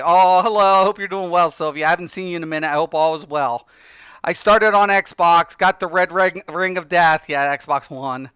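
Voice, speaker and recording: A man's voice: on the high side, sharp tone, clear, resonant tone, no echo. A man ranting on a casual livestream, heated and profane, laughing between points.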